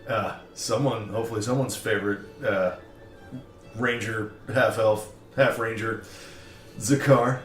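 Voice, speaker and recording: A man's voice: fairly low pitch, fairly even intonation, a bit bright, far from the mic, faint music behind. A man at a tabletop game, introducing his character and teasing the others. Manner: teasing, quick banter. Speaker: player. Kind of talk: casual chat. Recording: roomy echo, off-mic.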